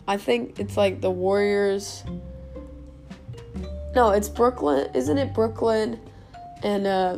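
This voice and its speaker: A young woman rambles through a casual solo podcast from home, mocking herself as she goes. Her voice has a creaky vocal fry, and faint music plays underneath. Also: mid-range voice, a little mellow. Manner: rambling, self-mocking, giggly asides. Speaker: podcast host.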